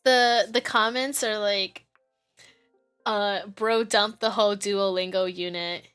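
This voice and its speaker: A woman's voice: medium pitch, fairly even intonation, slow, a bit bright, clear, resonant tone, faint music behind. A woman streamer chatting casually on a live stream, giggling often and blurting out reactions as she reads chat aloud.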